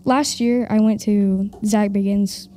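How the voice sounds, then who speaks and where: A woman's voice: mid-range voice, steady tone, slow, mellow. A young woman from Oklahoma telling a story on a live stage. She rambles with many fillers and laughs nervously. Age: young adult. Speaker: audience member telling a story. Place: stage of a live event in a castle.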